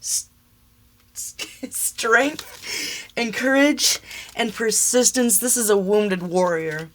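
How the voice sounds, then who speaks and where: A woman's voice: a little high, animated, takes it slowly. A young adult woman giving a casual tarot reading, emotional and exclamatory, laughing and tearing up as she talks. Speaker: tarot reader.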